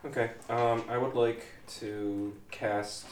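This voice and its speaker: A man playing a tabletop game, relaxed and hesitant as he describes his actions. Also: mid-range voice, takes it slowly, recorded from a distance. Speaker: player. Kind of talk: casual tabletop play. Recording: echoey, off-mic.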